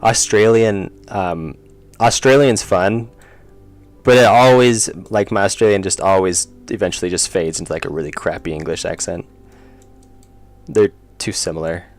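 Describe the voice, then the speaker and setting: Low gravelly young guy muttering to himself on a dev stream, kinda self-deprecating, quiet music under it. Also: moderate pace. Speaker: indie game developer streaming. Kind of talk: casual livestream commentary while drawing.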